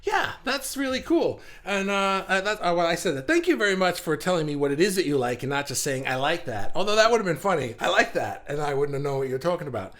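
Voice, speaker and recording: A middle-aged man talks casually on a live stream, rambling through his thoughts with plenty of fillers and easy laughs at his own jokes. His voice sits a little higher than most men's. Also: lively intonation, quick pace, hardly any pauses, fairly bright tone. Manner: chatty and rambling, laughs at himself, many fillers. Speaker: live stream host reading viewer comments.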